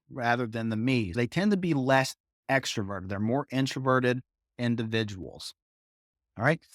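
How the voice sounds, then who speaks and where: A man's voice: mid-range voice, no echo, studio quality. A man with a Southern American accent, teaching a psychology lecture in a conversational way with asides. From Southern United States. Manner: conversational, explains with asides and fillers. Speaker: psychology instructor. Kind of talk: recorded lecture over slides.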